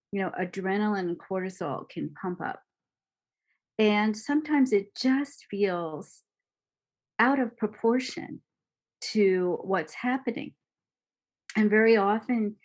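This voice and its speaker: A woman meditation teacher giving a dharma talk, slow, gentle and reflective, with soft pauses. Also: medium pitch.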